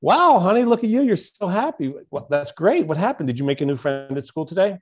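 A man's voice: high-pitched, big pitch swings, fairly quick, husky, voice pushed up, exaggerated voice. A man voicing a cheerful, doting young mother who asks eager, gushing questions.

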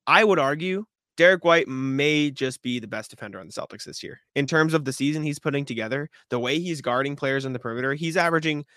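A man co-hosting a sports podcast, talking fast in casual chat, often repeating words and clearing his throat. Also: fairly high pitch, bright, forceful tone, no echo, studio quality.

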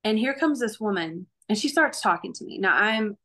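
A woman's voice: mid-range voice, animated, normal speed, fairly bright tone. Earnest woman telling her story. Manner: earnest, laughs often, acts out quoted voices. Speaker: guest sharing her testimony. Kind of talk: conversational faith testimony.

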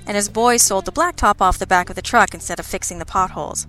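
A wry, cynical male detective partner, as a woman reader puts him on, speaking in a dry, sardonic way. He needles his partner with deadpan remarks. Soft music plays faintly behind the storybook reading. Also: medium pitch, fast talker, lightly acted.

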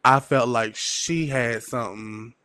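A laid-back man chatting along as co-host, easygoing and agreeable. His voice is mid-pitched and recorded close and dry. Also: takes it slowly, bright, forceful tone, smooth, no echo. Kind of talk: casual gossip chat.

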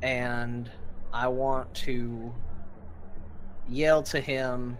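A man playing a tabletop game, thinking through his moves with hesitant pauses and fillers. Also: medium pitch, fairly bright tone. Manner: hesitant, with many fillers while planning moves. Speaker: player. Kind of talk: casual tabletop game play.

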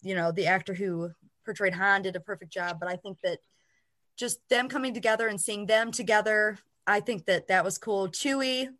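A woman's voice: medium pitch, normal speed, a bit bright. A woman chatting casually about a film as a co-host, enthusiastic with lots of fillers. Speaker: podcast co-host. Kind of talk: casual movie discussion.

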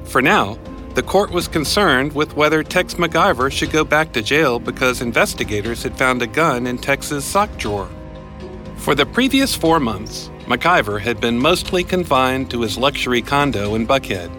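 A man narrates a true-crime podcast in a bright, crisp voice, telling the story in a matter-of-fact way. Faint music plays under him. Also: mid-range voice, expressive, normal speed. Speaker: podcast host and reporter. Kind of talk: scripted narration.

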